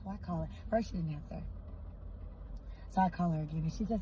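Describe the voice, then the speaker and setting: A woman telling a personal story in a casual storytime, emphatic and animated, repeating phrases for effect. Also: fairly low pitch, fast, long pauses, muffled recording, slight background noise.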